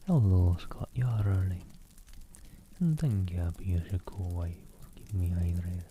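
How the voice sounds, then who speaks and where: A man reads aloud in a soft ASMR whisper, close to the mic. His voice is deep and very dark, and a faint hiss sits under it. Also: unhurried. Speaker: streamer reading a novel aloud. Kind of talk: ASMR reading.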